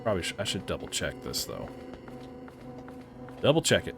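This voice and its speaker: Over music, a game reviewer with a low, gravelly voice speaks briskly and very animatedly. His commentary is casual and meandering, and he keeps revising himself partway through sentences.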